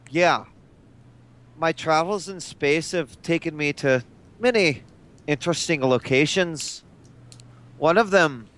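A man playing an earnest, polite male space traveler in a tabletop game, speaking in a measured, courteous way. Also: fairly high pitch, fairly bright tone, clear, resonant tone. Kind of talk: tabletop role-play in character.

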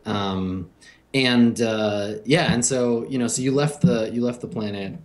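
A young man running a tabletop game as game master, talking casually and halting often with fillers. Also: mid-range voice.

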